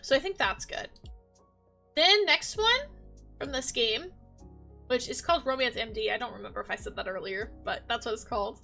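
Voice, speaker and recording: A woman's voice: on the high side, moderate pace, gravelly, long pauses, sharp tone, faint music behind. A woman chatting casually as a gaming vlogger, gushing and rambling with lots of fillers. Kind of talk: casual chat.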